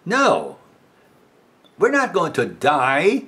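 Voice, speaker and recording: A man's voice: on the high side, wildly swooping pitch, drawn-out words, bright, forceful tone. An older man preaching a sermon, emphatic and acting out quoted voices as he talks back to them.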